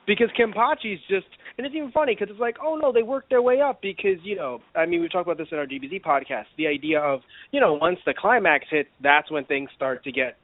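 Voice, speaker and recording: A man chatting on a podcast, his speech rambling and full of fillers and restarts. His voice sits a touch high and swings widely in pitch. The sound is dry and thin, like a phone line. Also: lively intonation, quick pace, few pauses, no echo. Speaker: podcast co-host. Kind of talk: casual podcast chat.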